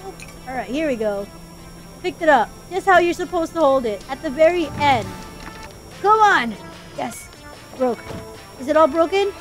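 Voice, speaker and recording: A woman's voice: sits high, animated, normal speed, pauses often, soft background music. A young woman giving frantic, exclaiming gameplay commentary, panicking and giggling as she plays. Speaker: let's play gamer.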